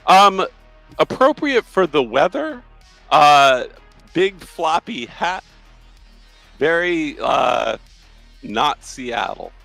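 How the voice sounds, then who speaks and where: Gravelly game master narrating a scene. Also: male voice, on the high side, big pitch swings, drawn-out words, pauses often, a bit bright, no room sound, soft background music, rough recording. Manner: describes scenes loosely, with frequent restarts.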